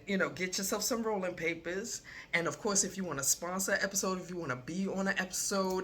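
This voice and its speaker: A speaker delivering a hyped promotional shout-out, repeating plugs in a bright, forceful voice. The delivery sits at a middle pitch. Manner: hyped, repetitive plugging. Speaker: podcast promo host.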